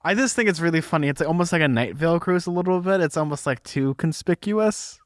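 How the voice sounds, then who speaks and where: Talking fast with hardly any pauses, this young co-host discusses a book on a podcast in a playful, casual way, full of jokey asides. His pitch is fairly high and his intonation lively, captured in a dry, clean studio recording.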